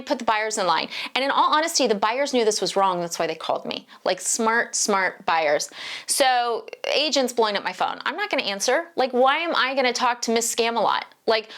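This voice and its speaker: A middle-aged woman, a mortgage loan officer, telling a true story to camera in an animated, exasperated way. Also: a little high, moderate pace. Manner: animated, exasperated, talks straight to viewers.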